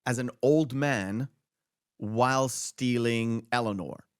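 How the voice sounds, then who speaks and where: A man's voice: medium pitch, slow pace, clean tone, no echo. A man hosting a casual movie podcast, rambling through trivia with many fillers and restarts. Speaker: podcast host.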